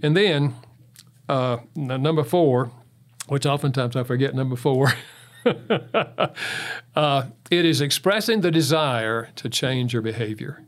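A man's voice: medium pitch, measured pace. Folksy man telling marriage anecdotes. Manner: folksy storyteller who chuckles often. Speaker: guest speaker on marriage. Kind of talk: interview talk with anecdotes.

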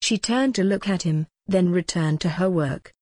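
Woman reading a gothic novel aloud, lowish husky voice, dry close sound. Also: normal speed, a little mellow, no room sound. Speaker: audiobook narrator. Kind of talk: scripted narration of a gothic novel.

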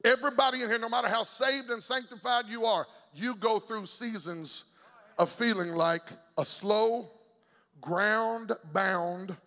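A man preaching a sermon in a church with rhythmic, repeating phrases that build up to shouting. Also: high voice, measured pace, long reverb tail.

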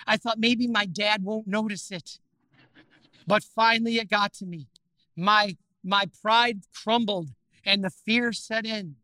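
A man preaching a sermon with animated storytelling, asking his listeners questions and acting out scenes. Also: very high-pitched, no echo. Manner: animated, acts out scenes, asks the audience questions.

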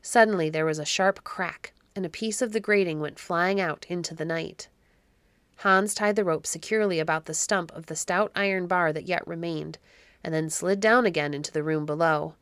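A woman narrating a classic children's tale in a measured, even reading. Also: fairly low pitch, no room sound. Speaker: narrator and podcast host. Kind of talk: storybook narration.

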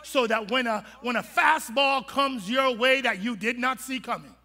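A male pastor preaching a sermon in an animated, humorous and colloquial way, in a church sanctuary. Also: extremely high pitch, moderate pace. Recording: long reverb of a large hall.

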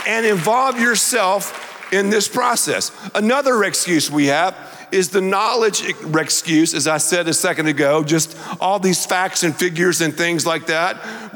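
A man's voice: high-pitched, fairly bright tone. A middle-aged man preaching a sermon as a pastor, emphatic and repeating words for effect. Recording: long hall reverb.

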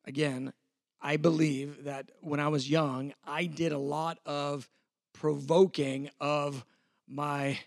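A man's voice: on the high side, little pitch movement, slow, dry recording, clean studio sound. A man in his fifties, a pastor, teaching a sermon in a conversational, self-deprecating way, acting out the exchanges he quotes.

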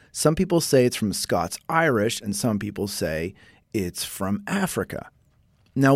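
Low-voiced man hosting a chatty talk. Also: a little mellow, no echo, clean studio sound. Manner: chatty, breaks into read quotes with asides. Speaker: podcast host. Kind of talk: casual explanatory talk.

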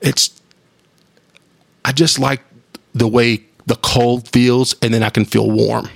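A man's voice: mid-range voice, fairly even intonation, slow, gravelly, no echo, clean studio sound. A man, hosting a casual solo monologue, rambling and enthusiastic with casual swearing. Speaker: podcast host.

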